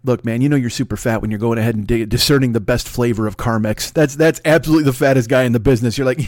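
A man hosting his own podcast in a rambling, profane, self-mocking comic monologue, often talking fast. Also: mid-range voice, dry recording, studio quality. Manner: talks fast, then slows down. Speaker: podcast host.

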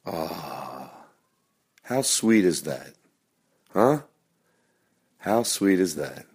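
Host, very low voice, casual and hushed delivery. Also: male voice, big pitch swings, very slow, breathy edge. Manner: hushed and soft at times. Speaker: podcast host. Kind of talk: casual chat recorded afterwards.

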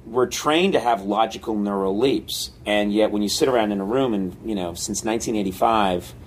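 An older man, a comedy writer and guest, talking casually with many fillers and animated storytelling. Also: fairly low pitch, moderate pace, low-quality recording. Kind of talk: casual conversation.

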